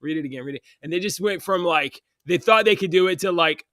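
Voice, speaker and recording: A man co-hosting a casual podcast, chatty and quick to laugh, often restarting his sentences. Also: sits high, pushed and bright, dry recording, studio quality. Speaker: podcast co-host. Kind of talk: casual chat.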